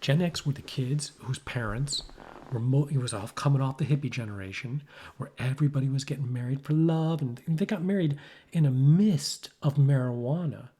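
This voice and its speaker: In a casual podcast conversation, this male co-host is an animated storyteller who performs the voices of those he quotes, speaking at normal speed in a mid-range voice.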